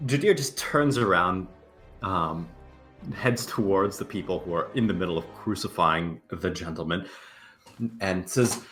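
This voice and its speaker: A man's voice: deep voice, unhurried, a bit bright, soft background music. A man playing a tabletop game, hesitant and laughing, with many fillers. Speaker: player.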